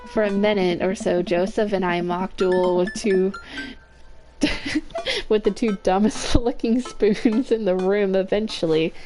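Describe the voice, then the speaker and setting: A woman's voice: medium pitch, fairly even intonation, a little slow. A young woman reading a visual novel aloud, with chatty asides and giggles, over game music. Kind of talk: narrating a game playthrough.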